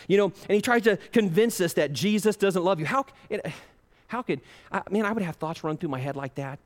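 A man preaching a sermon as pastor, passionate, swinging between loud pleading and hushed intensity. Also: fairly high pitch, normal speed, big-room sound.

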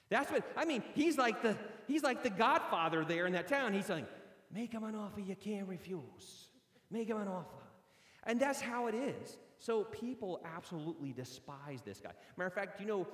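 A man preaching a sermon, telling the story with lively acted-out voices. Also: high-pitched. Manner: animated storytelling, acting out voices. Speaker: pastor. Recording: echoey hall with long reverb.

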